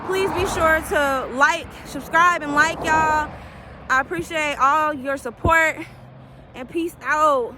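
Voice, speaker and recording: A woman recapping a TV episode in a loose, chatty way, her voice sitting fairly high. She gets loud and shrill one moment and quiet the next. Traffic noise runs steadily behind her. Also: slow pace. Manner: animated and emotional, swings from shrieks to murmurs. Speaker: TV recap vlogger.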